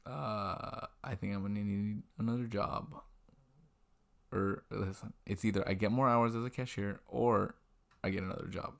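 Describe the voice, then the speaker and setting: Young male vlogger, deep and gravelly, rambling and self-deprecating, webcam at night. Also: fairly even intonation, moderate pace, fairly bright tone. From Washington state, US. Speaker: restaurant server telling a work story. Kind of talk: casual storytelling vlog. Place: indoors at a computer, late at night. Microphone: webcam mic.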